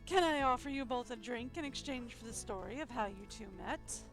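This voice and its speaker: A woman voicing a friendly tavern keeper who speaks gently and unhurriedly. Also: on the high side, animated, brisk, over music, lightly acted. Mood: welcoming.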